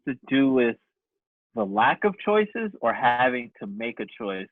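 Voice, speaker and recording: A man's voice: mid-range voice, big pitch swings, unhurried, gravelly, dry recording. Man on a tinny, dry line. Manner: jokey, acts out little scenes. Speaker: podcast co-host. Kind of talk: casual comedic chat. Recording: dry, tinny phone-like sound.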